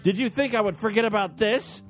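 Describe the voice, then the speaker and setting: A man's voice: high voice, brisk, faint music behind, pitched above the performer's own voice, natural voice. A man voicing a domineering woman who barks commands. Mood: stern. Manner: barking commands. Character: stern domineering bossy woman.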